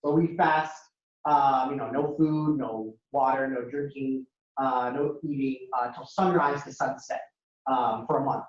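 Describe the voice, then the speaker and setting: A young man from Ohio telling stories as a stand-up speaker, acting out characters with sudden jumps in pitch. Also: fairly even intonation, unhurried. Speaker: comedian and speaker. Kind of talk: storytelling stand-up talk to an audience. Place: university lecture hall. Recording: echoey hall, dull lo-fi sound.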